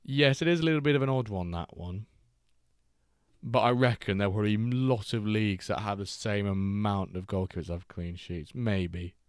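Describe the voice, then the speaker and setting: A man co-hosting a live match watchalong stream in casual chat, bantering, swearing freely and bursting into excited calls of the play. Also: lowish voice, normal speed, clean tone, no echo, studio quality. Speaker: stream co-host.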